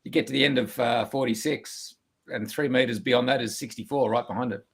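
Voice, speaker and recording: A man's voice: medium pitch, steady tone, a little fast, vocal fry, breathy edge. A man co-hosting an online whisky tasting, chatty and enthusiastic, often restarting his sentences, heard over a video call. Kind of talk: casual online tasting chat.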